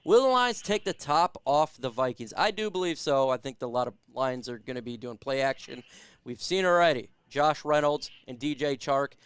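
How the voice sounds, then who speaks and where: A man's voice: medium pitch, animated, moderate pace, smooth, no room sound. A man hosting a casual sports live stream who hypes the chat and reads out viewer comments. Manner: hypes chat, reads super chats aloud.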